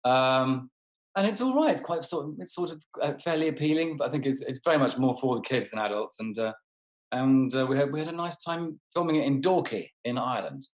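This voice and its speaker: A man's voice: mid-range voice, lively intonation, brisk. A man being interviewed as an actor guest, chatting casually in a rambling, self-deprecating way with many restarts. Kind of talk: casual interview over a call. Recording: roomy room sound.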